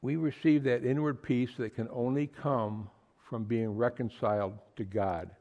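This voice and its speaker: A man delivers an earnest sermon to a small congregation, leaning hard on repeated words for emphasis. His voice has a gravelly edge. The recording is slightly muffled and lo-fi. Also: mid-range voice, steady tone, unhurried, a little mellow. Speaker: preacher. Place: small fellowship meeting room.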